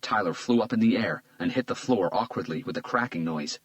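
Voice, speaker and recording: A man narrating a crime thriller audiobook in a measured, tense manner, also speaking the lead detective. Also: fairly low pitch, no room sound, poor audio.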